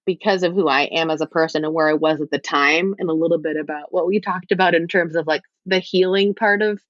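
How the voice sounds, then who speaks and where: A woman's voice: fairly low pitch, fairly even intonation, fairly quick, dry recording. Frank woman on dull lo-fi audio. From United States. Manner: frank, rambling, self-deprecating asides. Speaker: podcast guest. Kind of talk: candid conversational interview.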